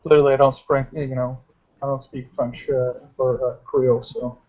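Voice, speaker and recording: A man's voice: medium pitch, flat delivery, moderate pace. A man playing a tabletop game, chatting in a rambling, self-correcting way. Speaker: player. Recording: dull lo-fi recording.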